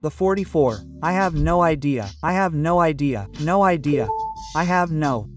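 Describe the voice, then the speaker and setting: Here a pronunciation teacher drills English phrases, saying them over and over in a phrase-by-phrase lesson. His slightly high voice is animated and moves at a normal speed. He comes across a bit distant, and faint music plays behind him.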